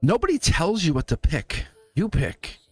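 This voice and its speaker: A man hosting a live tarot stream, talking straight to his viewers in an animated way and laughing often. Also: on the high side, unhurried, breathy edge, soft background music.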